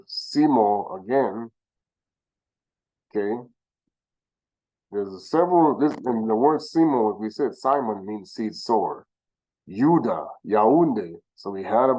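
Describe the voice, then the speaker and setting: Low-voiced man teaching scripture. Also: a little mellow, poor audio. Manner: sounds out names slowly, with self-corrections; asks the listener rhetorical questions. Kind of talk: informal religious teaching.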